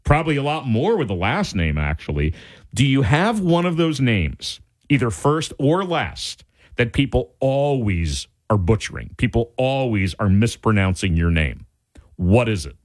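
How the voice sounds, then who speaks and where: A man hosting a radio talk show, chatting casually in an animated, rambling way with restarts. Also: mid-range voice, a little slow. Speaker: radio host.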